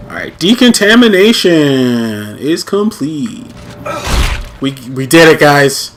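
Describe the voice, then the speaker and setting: A man's voice: a little high, big pitch swings, takes it slowly, a bit bright, slight background noise. Rambling man chatting over a game. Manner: rambling, full of fillers and restarts. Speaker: let's play host. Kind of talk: casual gaming chat.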